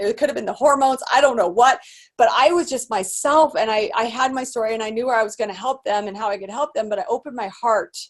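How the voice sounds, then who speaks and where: A woman business coach telling her story in an animated motivational talk, full of restarts and fillers. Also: on the high side, fairly quick. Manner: animated, acts out quoted voices; rambling with many restarts and fillers.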